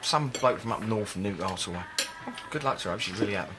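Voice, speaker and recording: Brief: an actor doing a cheeky bloke, quick and animated delivery. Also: male voice, lowish voice, background noise, lightly acted. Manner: defensive, wry. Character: jilted working-class man, sulky but cheeky. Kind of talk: TV soap drama.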